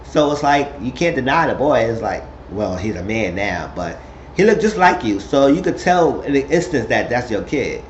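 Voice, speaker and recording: A man tells the story of a reality episode in a loose, gossipy way. His voice sits at an ordinary pitch. The recording sounds roomy and a bit dull, with a faint hiss underneath. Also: sing-song, normal speed. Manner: chatty storytelling, puts on high voices quoting people. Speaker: recap vlogger. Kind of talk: casual reality-show recap.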